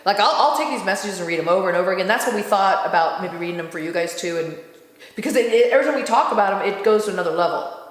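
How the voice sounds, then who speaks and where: A woman speaks in a calm, reflective way as she hosts a spiritual talk. Her voice sits in a middle register. The room is very echoey, with a long reverb tail. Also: medium pitch, racing. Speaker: host channeling spirit guides. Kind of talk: casual spiritual chat.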